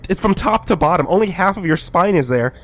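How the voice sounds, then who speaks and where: Guy doing a panicky hurt girl, high and loud, kinda breathless. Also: expressive, a little fast. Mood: panicked. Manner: frantic, breathless shouting. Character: panicked injured young woman.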